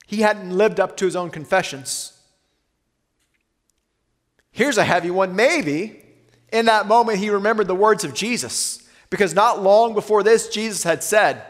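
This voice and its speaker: A man preaching a sermon as pastor, earnest, slowing and softening on weighty lines. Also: high voice, long reverb tail.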